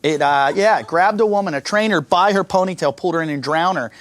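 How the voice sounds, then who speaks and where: A man's voice: fairly high pitch, fast talker, a bit bright, no room sound. A male American stand-up comedian telling crude, profane jokes and acting out the people in his stories. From United States. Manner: crude, swearing, acts out characters in dialogue.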